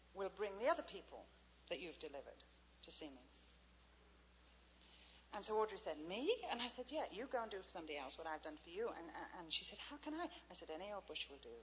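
Animated woman preaching a story. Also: lowish voice. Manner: animated storytelling, acting out quoted voices, dropping to a near whisper. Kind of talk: sermon with personal story. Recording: dull lo-fi recording with faint hum.

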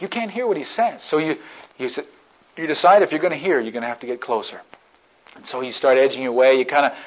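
A man preaches a vivid, story-led sermon in a somewhat high voice. He moves between soft, intimate murmurs and loud, emphatic build-ups. The recording is dull and lo-fi, with little top end.

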